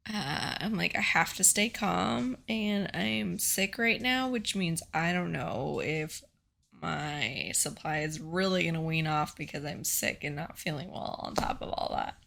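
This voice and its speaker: A young adult woman tells a story in casual podcast chat, emotional and animated. Her voice is gravelly with a bright, forceful edge. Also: on the low side, a little slow. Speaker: podcast co-host.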